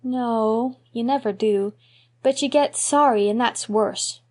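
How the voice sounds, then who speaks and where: A woman's voice: fairly high pitch, slow pace. A woman reading an audiobook, voicing an eager, mischievous little boy in a raised, childlike voice. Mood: pleading. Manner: excitable, pleading, childlike.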